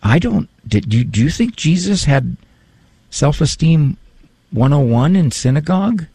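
A male psychologist giving a talk on parenting and faith, animated and joking in a conversational way. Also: on the high side, a little slow, slightly rough, no room sound.

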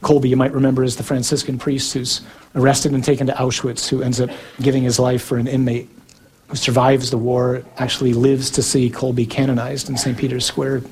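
A man preaching a sermon in an earnest, emphatic way, with slow, deliberate pauses between phrases. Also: mid-range voice, flat delivery, darkish tone.

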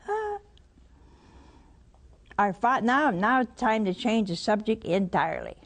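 A woman's voice: fairly high pitch, very animated, unhurried, vocal fry, long pauses. A woman preaching a sermon, telling a Bible story and putting rhetorical questions to her listeners.

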